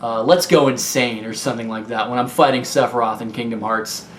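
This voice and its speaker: Young Midwestern gaming vlogger, mid-pitched, chatty and unpolished, recorded in a slightly echoey room. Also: male voice, steady tone, fairly quick, a bit bright. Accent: Midwestern American. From Ohio. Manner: rambling, candid, many fillers and restarts. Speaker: YouTube gaming video maker. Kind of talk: casual Q&A vlog. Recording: echoey room with faint noise.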